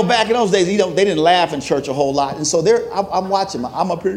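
A man giving a sermon testimony, telling a story with acted-out quotes that rise to loud, emotional peaks. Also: fairly high pitch, brisk, few pauses, some chatter behind. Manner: self-described introvert, plain conversational delivery. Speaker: preacher.

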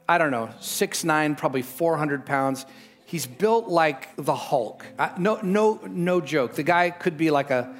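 A middle-aged man preaching a sermon as pastor, emphatic, with sudden lifts in pitch and a storytelling manner.

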